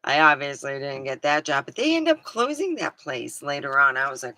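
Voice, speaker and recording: A woman's voice: rumbling low, very animated, a little fast, sharp tone, no echo, poor audio. A woman livestreaming, chatting casually in a meandering way and swearing now and then. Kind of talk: casual rambling chat.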